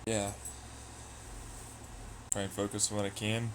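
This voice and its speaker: A man's voice: lowish voice, completely flat delivery, unhurried, background noise. A man streaming live, chatting loosely with viewers, swearing and trailing off into asides. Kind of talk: casual rambling chat.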